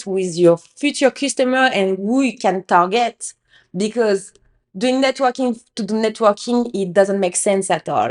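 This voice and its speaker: Candid French woman, plain-spoken. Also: on the high side. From France. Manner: candid, emphatic, swears freely, acts out quotes. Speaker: podcast host. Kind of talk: casual business storytelling.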